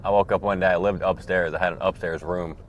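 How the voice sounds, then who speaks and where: A young man casually telling a story from his own life, profane and animated. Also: low-pitched, fast, lo-fi sound, faint music behind.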